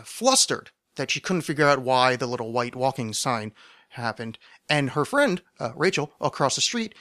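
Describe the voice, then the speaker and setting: A man's voice: mid-range voice, no room sound. Dry, rambling podcast host, a man. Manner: rambling, wry, self-deprecating, acts out shouted quotes. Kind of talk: casual storytelling monologue.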